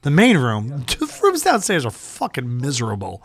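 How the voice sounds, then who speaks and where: A man's voice: medium pitch, huge pitch swings, moderate pace, slightly rough. A man who does stand-up, telling rambling, profane stories in a casual podcast chat. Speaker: stand-up comedian.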